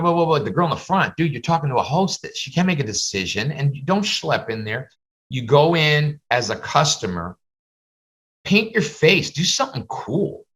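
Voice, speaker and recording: A man giving casual business advice to beginners on a video call, acting out little dialogues as he goes. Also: rough recording. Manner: animated, acts out little dialogues in higher voices. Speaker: face painting business instructor.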